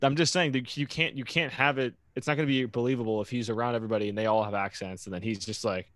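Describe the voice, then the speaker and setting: A man's voice: mid-range voice, fairly even intonation, fast talker, a bit bright, no echo. A man co-hosting a casual podcast, chatty and asking the others questions. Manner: chatty, asks the guests questions. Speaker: podcast co-host. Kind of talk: casual group podcast chat.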